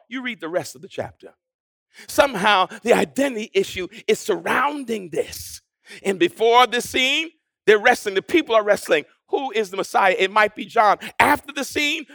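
A preacher with a very high, bright, gravelly voice delivers a sermon in a rhythmic style. His pitch swings widely, climbing to shouted, repeated lines before dropping to near-whispers. The sound is close and dry, with no echo.

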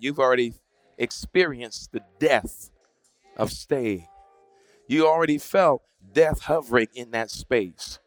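A man's voice: medium pitch, no room sound. A man preaching and praying aloud, repeating phrases and urging his congregation to speak along. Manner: repetitive, exhorting, call-and-response. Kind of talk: sermon with prayer.

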